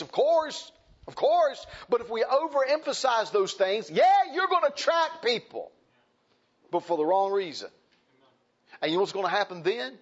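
A man's voice: high voice, breathy edge, lo-fi sound. A man preaching a sermon to his congregation, emphatic and repeating his points, calling them brethren. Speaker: pastor.

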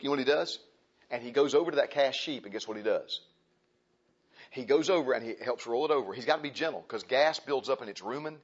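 A Baptist pastor preaching a sermon in a church, repeating phrases and asking the congregation questions. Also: male voice, medium pitch, breathy edge. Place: church sanctuary. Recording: dull lo-fi church recording.

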